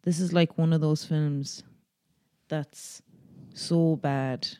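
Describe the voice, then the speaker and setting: A woman's voice: sits low, steady tone, slow pace, warm tone, clean tone, dry recording, clean studio sound. An Irish woman co-hosting a podcast, chatting casually and laughing as she tells stories. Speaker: podcast co-host. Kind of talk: casual chat.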